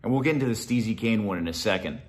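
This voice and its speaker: A young male YouTuber responding to a video launches into an angry, profane rant, mocking the guy and calling him "dude" over and over. His voice is lowish, animated, and racing.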